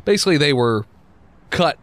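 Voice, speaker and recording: A man's voice: fairly high pitch, expressive, normal speed. A man running a tabletop game as game master, talking in a casual, laid-back way and swearing. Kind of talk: tabletop role-play podcast.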